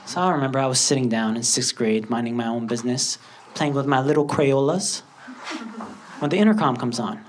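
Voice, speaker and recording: A young man doing a stand-up comedy set, telling stories and acting out characters with quick bursts. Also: mid-range voice. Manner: animated storytelling, acts out characters in quick bursts. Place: comedy stage with a laughing audience. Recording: loud audience laughter and noise.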